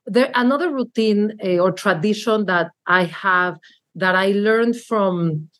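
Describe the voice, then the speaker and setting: A woman in her forties speaks with a Mexican Spanish accent in a candid interview. She is earnest and reflective, starts sentences over and fills gaps with "like" and "uh." Her pitch sits in a middling range for a woman. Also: a little slow, fairly bright tone. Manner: earnest, reflective, with frequent fillers and restarts. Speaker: marketing executive guest.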